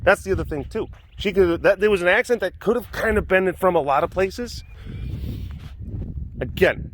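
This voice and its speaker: Male vlog host, slightly high and bright, jokey rambling storyteller recorded outdoors. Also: a little hiss or hum. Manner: rambling and jokey, with many restarts and fillers. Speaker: vlog host at an animal sanctuary. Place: outdoors at an animal facility.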